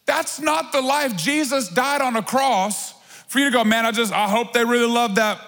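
A man with a very high voice preaches to his congregation, mixing plain talk with playful asides. His words ring out with a long reverb in a church hall. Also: fairly bright tone. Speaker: pastor. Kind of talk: sermon.

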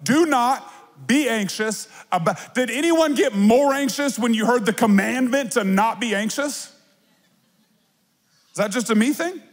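Guy preaching a sermon, kinda high voice, big echoey church hall, acts stuff out. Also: unhurried. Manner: animated, acts out voices, playful asides. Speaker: pastor.

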